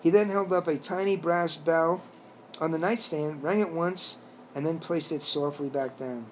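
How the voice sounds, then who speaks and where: A man reads his own storybook tale aloud in a plain, slightly halting way, now and then restarting a word. His voice sits a little high for a man. A faint hiss lies under the recording. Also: poor audio. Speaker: narrator. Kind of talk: reading a self-written story aloud.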